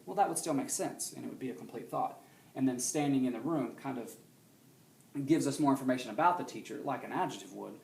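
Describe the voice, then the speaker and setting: A male teacher giving a recorded grammar lesson in a classroom, explaining steadily and often checking understanding with a quick question. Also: medium pitch, gravelly, a little mellow, reverberant, slight background noise.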